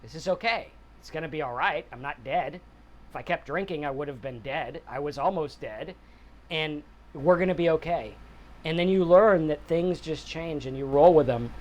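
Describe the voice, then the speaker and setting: A man's voice: a little high, moderate pace, a little mellow. A man in his forties, host of a sobriety channel, talking in an earnest, rambling monologue and often checking in with a "right?". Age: 40s. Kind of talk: casual reflective monologue.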